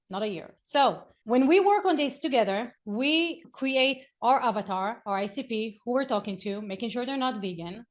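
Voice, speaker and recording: A woman coaching on marketing in a lively, conversational way, telling stories and acting out quotes. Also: on the high side. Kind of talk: motivational business talk.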